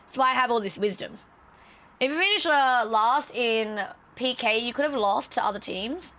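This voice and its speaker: A woman chatting on a live stream, telling animated stories with a lot of swearing and laughter. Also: on the high side, normal speed. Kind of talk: casual stream chat and storytelling.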